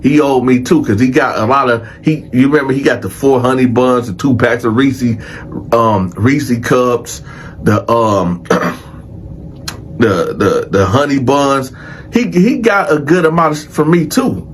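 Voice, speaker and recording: A man casually telling a story in an animated, profane way and acting out other people's voices. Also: mid-range voice, a little slow, a little hiss or hum. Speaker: storyteller, show host.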